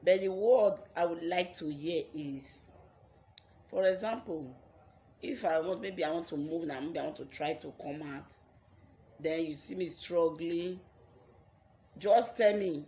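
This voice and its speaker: Low, slow-spoken Nigerian woman storyteller. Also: dark tone, slight background noise. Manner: earnest, repeats phrases for emphasis. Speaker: YouTuber telling her life story. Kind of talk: personal storytelling vlog.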